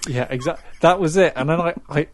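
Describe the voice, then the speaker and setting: A man's voice: fairly high pitch, brisk, a little hiss or hum. A man hosting a podcast, telling a story in casual chat and mimicking other voices as he goes. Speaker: podcast host.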